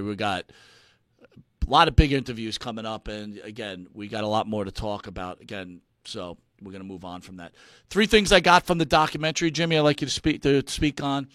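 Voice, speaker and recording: A man co-hosting a casual talk show in an earnest, emphatic tone. He stumbles through fillers and restarts before landing his points, and his voice sits at an ordinary middle pitch. The sound is dry and close, with no room echo. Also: bright, forceful tone. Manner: halting, with many repeated fillers and restarts. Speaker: podcast co-host. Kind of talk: casual conversational commentary.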